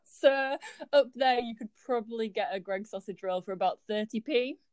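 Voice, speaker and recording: A woman's voice: a little high, normal speed, a little mellow, no room sound, clean studio sound. A woman in her twenties from Yorkshire, a student chatting as an interview guest, with frequent ums and easy laughter. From Yorkshire, England. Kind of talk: casual interview chat.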